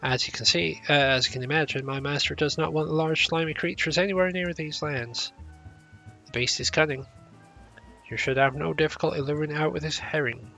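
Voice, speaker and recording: A haughty steward from a fantasy game who talks down to everyone, put on by a man. The voice is bright and sharp, with a gravelly fry underneath. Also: a little high, fairly even intonation, fairly quick, soft background music.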